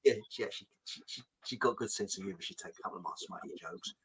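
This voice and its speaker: A man's voice: lowish voice, quick pace, a bit bright, husky, poor audio. An English man hosting a casual chat show, rambling and chuckling with frequent restarts. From England. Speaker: host.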